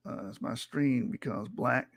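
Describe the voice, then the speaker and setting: A man's voice: medium pitch, measured pace, creaky, dry recording, highs cut off. A man hosting a livestream, reading textbook passages aloud and arguing back at them in a combative, profane way. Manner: combative and profane, with rising intensity. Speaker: livestream host. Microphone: streaming mic.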